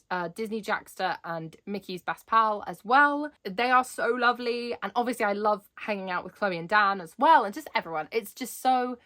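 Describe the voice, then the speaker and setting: A woman's voice: medium pitch, sharp tone. Bubbly rambling young woman vlogger. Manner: bubbly, rambling, laughs often. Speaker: Disney vlogger. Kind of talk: chatty vlog.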